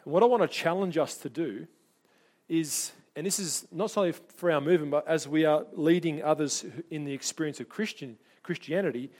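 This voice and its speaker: Middle-aged guy preaching, voice a bit on the high side, lively storyteller, does quick voices for the people in his stories. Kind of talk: sermon with personal stories.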